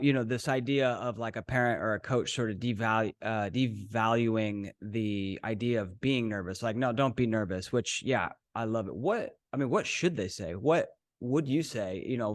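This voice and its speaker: Man, podcast host, relaxed and rambling, mid pitch, dry close sound. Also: no echo. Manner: relaxed, rambling questions with fillers. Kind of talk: podcast interview, asking questions.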